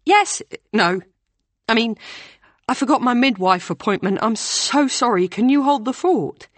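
A woman voicing a flustered, apologetic young woman, breathless and rushed. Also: on the high side, lively intonation, dry recording, voice pushed up.

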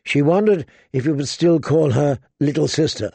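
A man reads a fantasy story aloud in a measured, even way. His fairly high voice has a gravelly edge and a mellow, soft tone. The sound is dry and close, with no room around it. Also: no room sound. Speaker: audiobook narrator. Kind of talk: storybook narration of a fantasy novel.

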